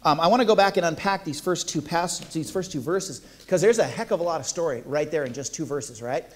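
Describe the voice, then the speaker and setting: A fairly high-voiced male pastor preaches a sermon in a playful, jokey manner, repeatedly putting questions to the congregation. He is expressive and talks a little fast.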